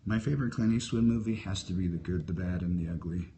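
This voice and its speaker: A man in his fifties chatting casually on a phone live stream, answering viewer comments in a musing, unhurried way and drifting from topic to topic. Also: low voice, dark tone, slight background noise. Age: 50s. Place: hotel at sunrise. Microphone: phone held for a live stream.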